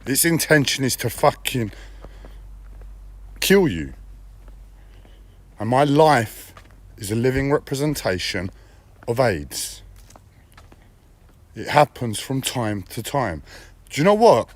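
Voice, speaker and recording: A man's voice: medium pitch, lively intonation, takes it slowly, long pauses. A man streaming live, talking in a blunt, profane personal monologue with repeated phrases and a whiny edge.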